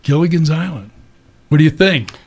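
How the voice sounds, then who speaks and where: A man's voice: fairly high pitch, lively intonation, moderate pace, darkish tone. A man hosting a casual interview, asking rambling friendly questions with plenty of fillers. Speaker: radio talk show host.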